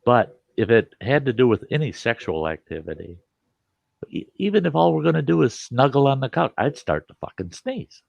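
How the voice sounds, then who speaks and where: A man's voice: medium pitch, sing-song, moderate pace, gravelly, darkish tone, no echo. A man hosting a casual show and telling rambling, swearing anecdotes. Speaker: host. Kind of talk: casual storytelling. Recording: dull lo-fi dry sound.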